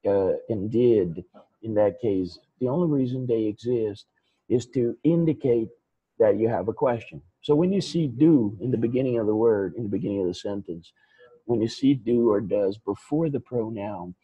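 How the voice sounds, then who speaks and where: Slow-talking guy teaching english grammar, kinda low voice, repeats examples, muffled lo-fi sound. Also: mellow, slightly rough. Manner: slow, patient, repeats points with example sentences. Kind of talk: explaining grammar in a lesson.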